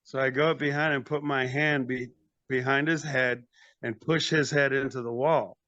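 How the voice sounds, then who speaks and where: A man's voice: medium pitch, steady tone, moderate pace, sharp tone, no echo, highs cut off. An older man, a metal band frontman and podcast guest, telling long rambling stories in casual chat, often acting out what others said. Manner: rambling anecdotes with acted quotes and restarts.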